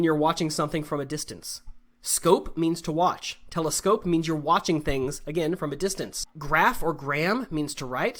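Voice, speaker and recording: Brief: American male English teacher, slightly higher voice, patient explainer, video-call Q&A. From United States. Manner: explains patiently, often checks in with "right?". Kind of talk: live online Q&A lesson.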